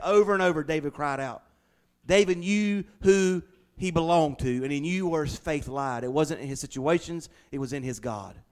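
A man preaching a sermon, telling folksy stories with big swings between loud and hushed delivery. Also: a little high. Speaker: pastor.

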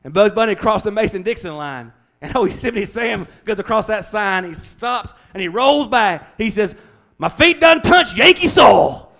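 A middle-aged American man preaching a sermon as pastor, in a folksy, animated way that swings from loud to hushed. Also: high voice, moderate pace, hardly any pauses. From United States.

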